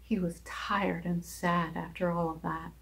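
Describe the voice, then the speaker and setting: Slow, animated woman telling a children's story. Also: vocal fry, slightly rough. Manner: animated, acts out characters' lines with big pitch jumps. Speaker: children's Bible lesson teacher. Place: church.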